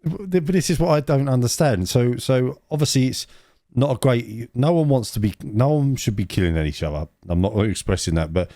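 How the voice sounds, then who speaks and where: A man's voice: medium pitch, animated, brisk, warm tone, dry recording, clean studio sound. A man co-hosting a casual podcast chat, rambling with many restarts. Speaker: podcast co-host. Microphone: own mic, remote.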